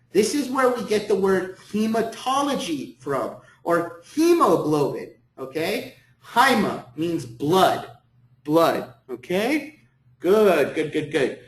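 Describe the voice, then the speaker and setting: A man's voice: high voice, a bit bright. A man teaching a classroom lecture, encouraging students and repeating words for them. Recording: echoey classroom.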